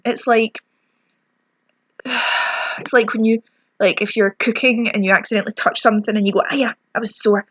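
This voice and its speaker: A young adult Scottish beauty vlogger rants chattily through a lip product review, mocking herself as her lips sting. Her voice is on the high side, a bit bright and husky, in a dry recording.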